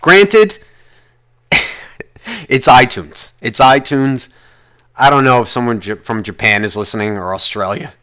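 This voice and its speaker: A man's voice: medium pitch, measured pace, pauses often, bright, forceful tone. A man hosting a solo podcast, ranting in a rambling way and swearing constantly as he vents. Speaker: podcast host. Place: lives in the United States.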